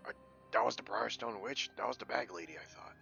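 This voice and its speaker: A man's voice: fairly low pitch, lively intonation, quick pace, gravelly, pushed and bright, lo-fi sound, faint music behind. A man playing a tabletop game, hesitant and questioning. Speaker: player. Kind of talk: casual tabletop game chat.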